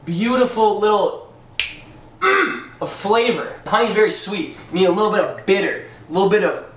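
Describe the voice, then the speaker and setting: A man's voice: high-pitched, lively intonation, moderate pace, fairly bright tone. A man hosting a crude comedic cooking demo, swearing and joking as he gives mock instructions. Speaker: comedic cooking show host. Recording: echoey room, distant mic, noisy.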